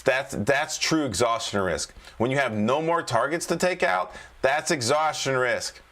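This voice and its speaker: A man's voice: medium pitch, animated, unhurried, a bit bright. Casual male trading livestream host. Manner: loose and repetitive, coaxing the chat with "all right?". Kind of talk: casual live-stream market commentary.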